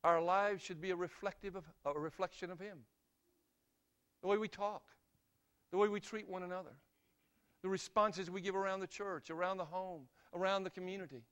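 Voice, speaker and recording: An older man, from Greensboro, North Carolina, preaching a sermon by telling a story in an earnest, unhurried way. He drops to a soft hush on key lines. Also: sits high, steady tone, clear, resonant tone.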